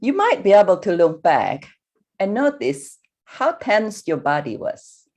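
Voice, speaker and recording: A woman leads listeners through a guided visualization, speaking to them in the second person as the story unfolds. She talks slowly and unhurriedly. Her pitch swings widely, then softens into a hushed, soothing tone. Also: huge pitch swings.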